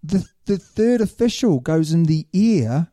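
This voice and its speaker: A man's voice: a little high, a little slow, dry recording, clean studio sound. A man hosting a rugby talk show in casual, opinionated chat, calling his co-host mate. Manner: animated, opinionated, says "mate".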